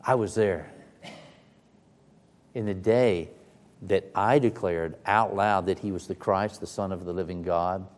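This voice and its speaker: A man's voice: sits low, a little slow, long pauses. A man preaching a sermon in a dramatic, emphatic way, sometimes speaking in the first person of the scripture he retells. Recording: long reverb of a large hall.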